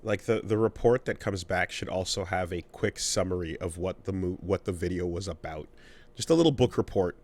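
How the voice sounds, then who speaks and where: Brief: male podcast co-host, lowish voice, easygoing and musing. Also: brisk, a little mellow. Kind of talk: casual podcast chat.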